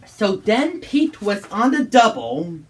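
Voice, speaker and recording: A woman's voice: fairly high pitch, animated, slow pace. A woman narrating a homemade cartoon story in simple run-on sentences.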